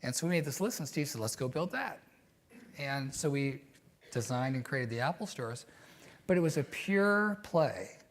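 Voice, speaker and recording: Speaking at a moderate pace, an easygoing, mid-pitched man appears as a guest in a conversational interview. His storytelling is reflective and occasionally animated, and he often says "you know" while working through his thoughts.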